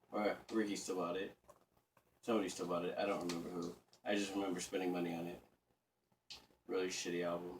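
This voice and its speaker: A man's voice: fairly low pitch, a little hiss or hum. A man in his thirties ranting casually in a crude, profane, rambling and sarcastic way. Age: 30s. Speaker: vlogger. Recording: voice a bit distant from the mic.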